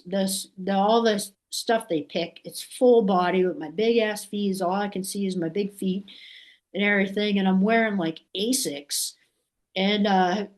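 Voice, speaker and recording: A woman from Massachusetts, a podcast guest, telling a story in a loose, rambling way, full of fillers and restarts, and acting out what others said. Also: mid-range voice. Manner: acts out quoted voices animatedly. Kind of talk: casual storytelling.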